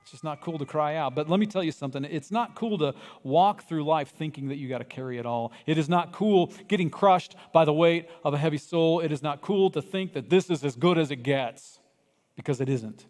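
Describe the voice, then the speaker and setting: Animated male pastor in reverberant church. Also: a little high, fairly quick. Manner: animated, acts out voices of people in the story, swings from loud cries to hushed. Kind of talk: sermon. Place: church sanctuary. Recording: long reverb of a church hall.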